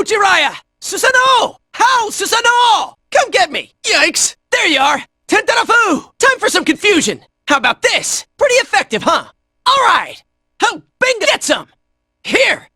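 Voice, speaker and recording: A woman voicing a brash, cocky young fighter in a video game, shouting short battle cries and jokey taunts. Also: very high-pitched, dry recording, studio quality, full character voice.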